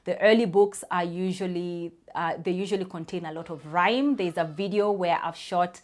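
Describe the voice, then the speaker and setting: A woman's voice: fairly low pitch, fairly even intonation, normal speed, a little mellow. A woman in her thirties, a speech therapist, explaining reading tips to parents in a chatty way, often saying "you know" and spelling out sounds.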